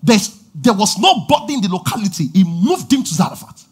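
A middle-aged man preaching a sermon in a church, with animated delivery and sudden loud exhortations. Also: sits high, brisk, husky. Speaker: pastor. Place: church auditorium.

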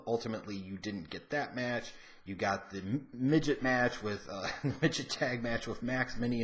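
A man giving frank, casual commentary as a wrestling show reviewer, opinionated and cursing now and then. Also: medium pitch.

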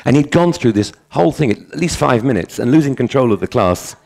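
A man's voice: mid-range voice, lively intonation, fairly quick, gravelly, a little mellow. A middle-aged man speaking at a conference on language teaching, in a conversational way, telling anecdotes and correcting himself as he goes. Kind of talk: conference talk.

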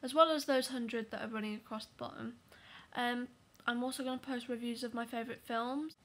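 A woman's voice: a little high, steady tone, brisk, a bit bright. A young woman giving a casual movie review vlog, chatty and apologetic, often dropping to a whisper for asides. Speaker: vlogger.

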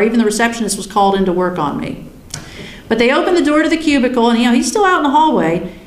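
A woman in her sixties telling a personal story in a chatty, animated way, often laughing. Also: medium pitch, echoey room. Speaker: guest recounting a near-death experience.

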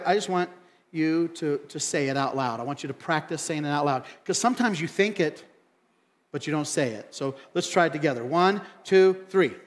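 Animated man preaching in a reverberant hall. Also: a little high. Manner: animated, repeats phrases for emphasis. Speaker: pastor. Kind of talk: sermon. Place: church sanctuary.

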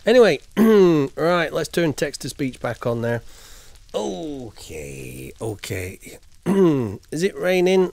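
A man's voice: a little high, sing-song, slow, vocal fry, a little mellow, no echo. Chatty man streaming a game. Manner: chatty, reads and answers chat. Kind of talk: casual live-stream chat.

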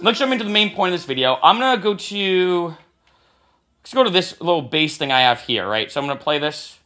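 Man, lively and bright, casual software tutorial host, asks "right?" often. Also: high-pitched, fairly quick, slight background noise. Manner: casual, talks while clicking, says "right?" often. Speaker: music production tutor. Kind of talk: screen-recorded software tutorial.

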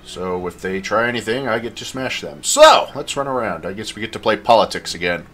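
A man's voice: on the low side, a little fast, fairly bright tone, soft background music. A man playing a fantasy game, joking and reading the character dialogue aloud. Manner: jokey, reads quest dialogue in put-on voices. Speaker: gamer playing and voicing dialogue. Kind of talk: let's play commentary, reading dialogue aloud.

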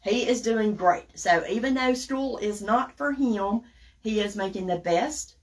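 A craft tutorial host with a Southern accent talks folksily to her livestream audience, addressing them as y'all and guys while she works and reads comments. She speaks in an unhurried, mid-range voice.

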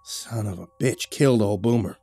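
A profane, short-tempered old man barks his lines in a horror story reading, as a man puts him on. The voice sits higher and louder than the narration around it. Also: normal speed, slightly rough, dry recording, soft background music. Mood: gruff. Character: gruff old backwoods man with shotgun.

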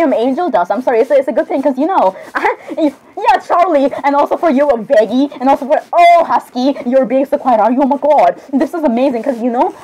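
A woman's voice: sits high, darkish tone, rough recording. A woman improvising a playful fan role-play with drawings, switching between characters, giggling, apologizing and rambling as she goes. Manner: giggly, apologetic, rambling, keeps breaking into laughter. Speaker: channel creator.

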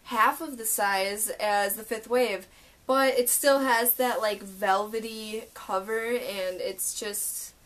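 A young woman vlogging a casual book haul and unboxing, gushing and excitable as she talks through each book. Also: a little high, slow. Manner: gushing, excitable, lots of "oh my gosh".

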